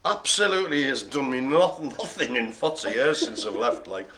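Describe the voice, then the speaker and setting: A man hosting a bingo session, joking and chatting between calls with quick asides. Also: medium pitch, sing-song, a bit bright, a little hiss or hum. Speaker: bingo host. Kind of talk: lively bingo calling with banter.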